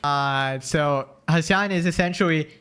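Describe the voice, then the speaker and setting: A man's voice: on the high side, a little slow, fairly bright tone, clean tone. A man doing online clip commentary in a mocking, sarcastic way.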